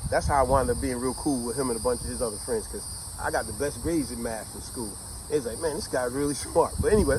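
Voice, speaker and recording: Animated middle-aged man telling a story. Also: fairly high pitch, background noise. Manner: animated, conversational, slangy. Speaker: vlogger telling a childhood story. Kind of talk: casual storytelling to camera.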